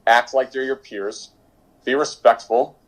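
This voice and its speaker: In an unhurried, steady, mid-range voice, a young professional soccer goalkeeper tells stories as an interview guest, and the audio is poor. He's at home during quarantine, rambling casually with frequent fillers and restarts.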